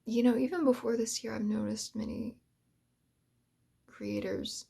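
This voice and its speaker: Breathy, emotional woman, half-whispering. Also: fairly high pitch, fairly even intonation, measured pace, dark tone. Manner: earnest, drifting in and out of whisper. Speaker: ASMR channel host. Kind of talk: soft-spoken heartfelt talk to creators.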